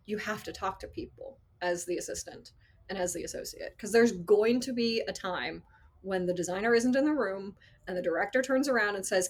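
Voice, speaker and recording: Husky, animated woman telling stories. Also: medium pitch. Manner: animated storyteller, acts out quotes, laughs often. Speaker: associate sound designer, guest. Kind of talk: casual interview talk.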